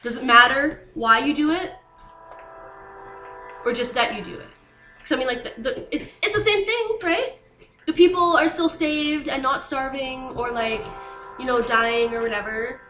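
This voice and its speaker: A woman's voice: high-pitched, normal speed, bright, forceful tone, roomy sound, a little hiss or hum. A woman playing a tabletop game, anxious and rambling in character, with many likes and restarts. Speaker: player.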